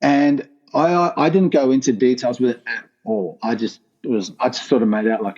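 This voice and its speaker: A man's voice: medium pitch, moderate pace, hardly any pauses, darkish tone, muffled recording. A man, a podcast guest telling a raw personal story in an earnest, intense way with casual slang. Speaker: podcast guest, former pro skateboarder. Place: his art gallery, remote call.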